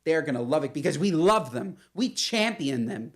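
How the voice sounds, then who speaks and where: Woman, 30s, co-host, playful and rambling, very lively pitch. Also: normal speed. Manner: animated, rambling, playful teasing. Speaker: podcast co-host. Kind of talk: casual chat.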